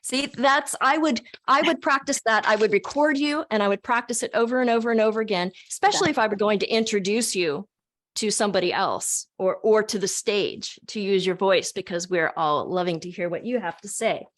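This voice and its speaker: Speaking a little fast in a mid-range voice, an older woman gives a lively motivational talk by video call. She's a speaker and college teacher whose expressive delivery keeps circling back to restart sentences.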